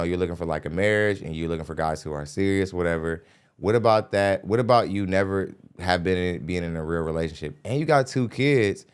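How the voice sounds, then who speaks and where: Deep-voiced man, blunt podcast host. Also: clear, resonant tone. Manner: blunt, lecturing. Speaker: podcast host reacting to a clip. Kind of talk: casual commentary. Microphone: studio microphone.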